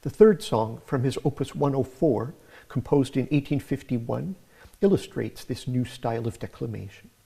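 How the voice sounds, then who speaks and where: A man narrating a scripted music lecture in a measured, explanatory way. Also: medium pitch, lively intonation, gravelly, mellow, slightly rough.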